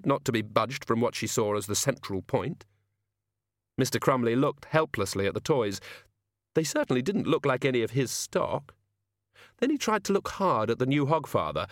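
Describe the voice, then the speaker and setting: A man giving a wry, expressive audiobook narration. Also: medium pitch, dry recording, clean studio sound. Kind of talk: scripted narration.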